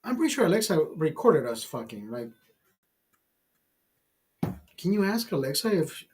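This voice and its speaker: A man's voice: on the high side, very animated, moderate pace, a little hiss or hum. A man telling a raunchy story in a casual monologue, profane and rambling, often restarting his sentences and amused by himself. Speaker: vlogger.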